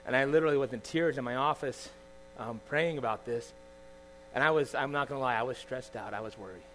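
A man preaching a sermon, telling a personal story in a conversational, animated way with asides to his listeners. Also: medium pitch, brisk, a little hiss or hum.

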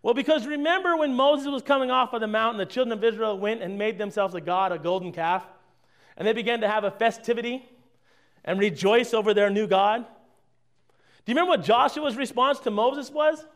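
A man delivering a sermon in a notably high voice. He engages the congregation with rhetorical questions. His volume swings from loud emphasis down to near-murmured asides. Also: fairly quick. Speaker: pastor.

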